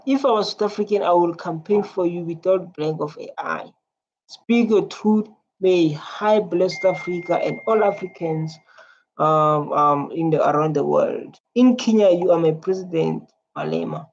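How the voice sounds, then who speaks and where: A man's voice: sits high, darkish tone, muffled recording. A man hosting a reaction video, reading out viewer comments and repeating himself as he muses. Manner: repetitive, reads viewer comments aloud.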